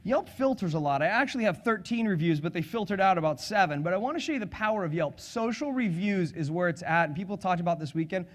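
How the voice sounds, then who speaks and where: A middle-aged man giving a live sales seminar, energetic and joking, asking the audience questions. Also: high voice, fast, hardly any pauses. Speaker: sales and public speaking trainer.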